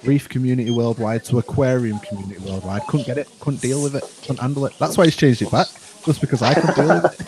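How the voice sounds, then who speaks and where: Male stream host, chatty, laughs a lot, mid pitch, noisy call line. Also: fast. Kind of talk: casual chat.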